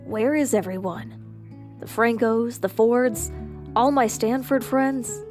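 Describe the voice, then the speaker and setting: A woman's voice: a little high, a little slow, a little mellow, faint music behind, lightly acted. A woman narrator voicing a stressed older businessman father, brusque and worried.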